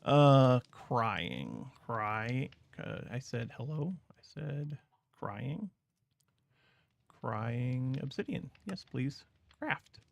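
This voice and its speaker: Guy game streamer thinking out loud, bit of vocal fry, talks to chat a lot. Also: medium pitch, very animated, drawn-out words. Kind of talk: casual gameplay commentary.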